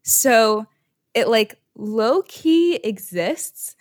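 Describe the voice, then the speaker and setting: A woman's voice: fairly high pitch, expressive, very slow, no room sound. Young female guest, casual and chatty, dry sound. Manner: chatty, says "like" often. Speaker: podcast guest. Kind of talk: casual podcast chat.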